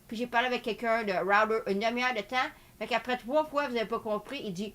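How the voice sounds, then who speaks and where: A woman from Canada with a Quebec French accent, hosting a live market commentary in an excitable way and peppering her talk with filler tags. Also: fairly high pitch, fast. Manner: excitable, switches between French and English, full of filler tags. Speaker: host.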